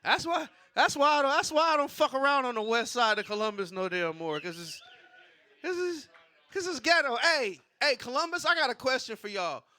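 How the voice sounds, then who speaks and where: A man's voice: very high voice, animated, normal speed, pushed and bright. A male stand-up comedian at an open mic, telling a loose, profane story with punchlines.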